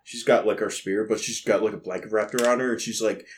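A man's voice: on the low side, steady tone, fast talker, slight background noise. Rambling man playing a tabletop game. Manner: rambling, many fillers. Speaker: player. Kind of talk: tabletop role-play, describing his character.

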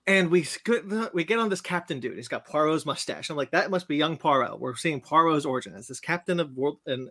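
A man on a podcast telling a long, animated story about a movie he saw and acting out its scenes. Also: on the high side. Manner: animated storyteller, acts out scenes in silly voices. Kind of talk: casual chat, movie rant.

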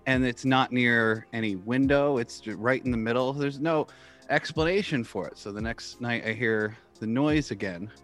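A man's voice: medium pitch, moderate pace, a bit bright, soft background music. A man co-hosting a comedy podcast, telling a tall tale in a mock-serious, stammering way. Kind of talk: mock stand-up storytelling.

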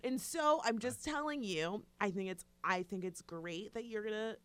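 A young adult woman chatting casually as a podcast co-host, animated and teasing, acting out her husband's outbursts. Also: mid-range voice, normal speed, clean tone. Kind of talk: casual chat.

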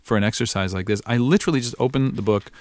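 A man teaching ukulele in a relaxed lesson, thinking aloud with plenty of fillers. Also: mid-range voice, quick pace, no room sound. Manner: musing, thinks aloud with fillers, hums and sings snippets.

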